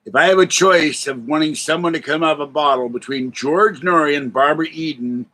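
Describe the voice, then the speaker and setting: A man's voice: fairly high pitch, a little fast, few pauses, bright, forceful tone, low-quality recording. An older man chatting casually on a live stream from home, rambling between answers and cooing at his cats.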